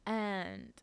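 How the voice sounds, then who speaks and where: With a creaky, mid-range voice and no room sound, a young podcast host shares a personal story. She's casual and chatty, using lots of fillers and laughing often.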